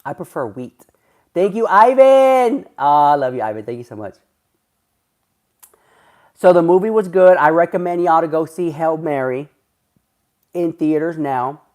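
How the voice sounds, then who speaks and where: A man's voice: a little high, moderate pace, pauses often, a little mellow. A man chatting casually on a livestream, rambling in a gossipy way and answering viewers' comments. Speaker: livestreamer reading chat.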